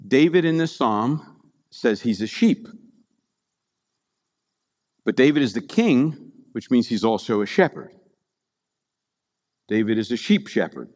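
A man's voice: mid-range voice, very animated, measured pace, long pauses, darkish tone, big-room sound. A man preaching a conversational sermon, often checking in with his listeners by asking "right?". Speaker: pastor.

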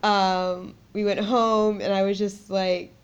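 A woman co-hosts a podcast in a relaxed, chatty way. She tells a personal story with lively energy and laughs often. Her voice sits at a middle pitch for a woman. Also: slow, smooth, highs cut off. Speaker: podcast co-host. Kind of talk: casual chat.

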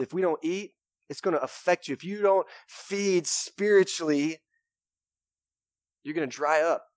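A young man, preaching a sermon in a casual, energetic way with lots of "right?" and "man". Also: fairly high pitch, no echo, clean studio sound. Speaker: pastor. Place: church sanctuary.

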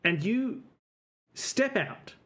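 A game master narrating a tabletop game, playful and often laughing. The pitch moves around in a lively way, neither high nor low. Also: very slow.

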